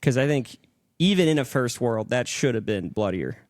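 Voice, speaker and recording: A young man hosting a podcast, telling stories in casual, profane, animated chat. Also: mid-range voice, normal speed, no echo, clean studio sound. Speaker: podcast host.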